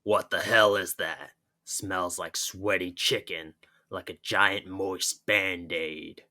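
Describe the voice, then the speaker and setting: Guy doing a gruff old comic-book mutant, low slow growl, kinda bright tone, faint music behind. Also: fairly even intonation, heavily acted. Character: gruff grizzled old male mutant, blunt.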